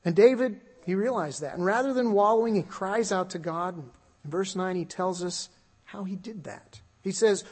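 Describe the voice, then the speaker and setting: A man with a high, husky voice delivers a sermon verse by verse. His preaching is earnest and measured, lifting into emphatic swells and sometimes repeating words as he presses a point. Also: a little mellow. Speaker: pastor. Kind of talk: expository sermon.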